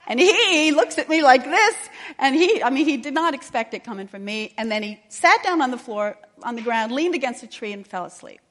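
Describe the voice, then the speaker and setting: A woman's voice: high voice, lively intonation, fairly quick, few pauses. Earnest woman preaching in a reverberant church. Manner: earnest, quiet, intimate. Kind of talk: sermon storytelling.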